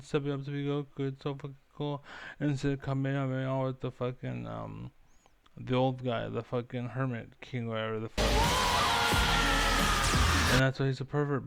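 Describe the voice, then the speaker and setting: A man's voice: mid-range voice, creaky, clear, resonant tone, no room sound. A young man rambling through a profane, repetitive, self-assured rant, sure of his own cleverness. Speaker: streamer.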